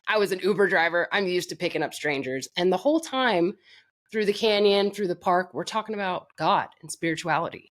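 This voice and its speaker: A woman's voice: fairly low pitch, lively intonation, fairly quick. A woman from Florida, a podcast guest telling her own story in a candid, blunt and profane way, mocking herself.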